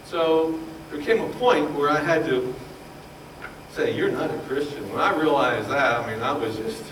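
A man preaching with fervor, swinging between near-shouts and hushed asides. His voice sits a little high for a man. He is caught from a distance, in a roomy, echoing church with faint ambience behind. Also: normal speed, a little hiss or hum. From Baltimore, Maryland. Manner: impassioned, swings from loud to hushed. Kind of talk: sermon. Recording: roomy echo, voice from far off.

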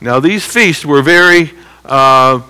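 A man leads a verse-by-verse Bible lesson in a bright, fairly high voice. He talks conversationally, often checking in with his listeners, and slows down to repeat key phrases for emphasis. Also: smooth, low-quality recording. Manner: conversational teaching with frequent "okay?" check-ins. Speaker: Bible teacher. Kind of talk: expository Bible teaching.

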